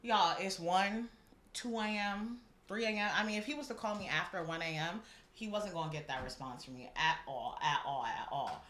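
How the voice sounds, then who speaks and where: Guest: young woman, bright, fired-up storyteller in a casual chat. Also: lowish voice, normal speed, roomy sound. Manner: animated, heated storytelling. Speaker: guest, host's friend.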